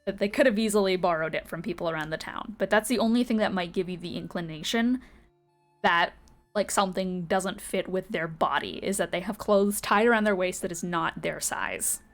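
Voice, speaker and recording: A woman's voice: on the low side, fairly quick, faint music behind. A woman narrating as game master of a tabletop game in a casual, rambling way full of fillers.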